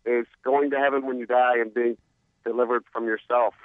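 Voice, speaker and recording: A man's voice: mid-range voice, little pitch movement, brisk, dry recording. A man calling in to a radio show, speaking sincerely and hesitantly. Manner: hesitant, sincere, lots of ums. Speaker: caller. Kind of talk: call-in phone conversation. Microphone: telephone. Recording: tinny phone line.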